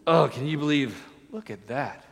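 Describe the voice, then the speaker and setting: A man's voice: on the high side, moderate pace, vocal fry. A man voicing a disdainful, grumbling religious man, scornful and sneering, in a reverberant church hall.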